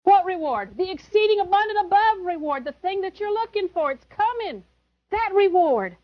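A woman's voice: very high voice, animated, moderate pace, muffled recording. A woman preaching a sermon, emphatic and chuckling, who repeats her key words.

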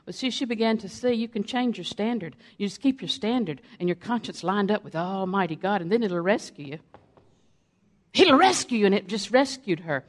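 A woman's voice: medium pitch, brisk, few pauses. Emphatic older woman preaching a sermon. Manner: emphatic, repetitive, storytelling.

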